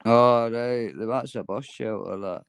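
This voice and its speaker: A laid-back man with a gravelly, creaky voice swaps jokes on a voice call. His pitch sits in the middle, and he laughs along easily with the others. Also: measured pace, no echo, clean studio sound. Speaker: panel guest. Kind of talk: casual banter on a livestream panel.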